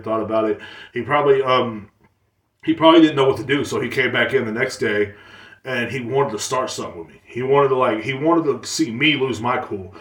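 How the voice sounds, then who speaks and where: A man hosting a podcast, talking in a rambling, boastful and crude way with many fillers and restarts. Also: mid-range voice. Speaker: podcast host. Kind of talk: casual monologue podcast. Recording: roomy, distant mic.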